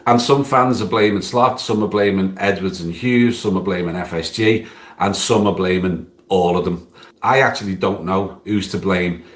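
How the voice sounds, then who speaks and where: Low-voiced man reading in an echoey room. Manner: measured, steady reading of a prepared piece. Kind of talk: scripted opinion read-out.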